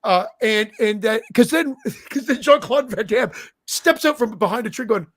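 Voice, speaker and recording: A man's voice: very high-pitched, expressive, moderate pace, a bit bright. A man co-hosting a casual movie review podcast, laughing often and swearing as he chats. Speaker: podcast co-host.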